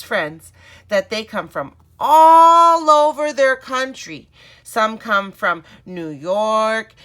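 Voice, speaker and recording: A woman reading a story aloud to children, calling them friends in an animated way. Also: mid-range voice. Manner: addresses listeners as friends, animated.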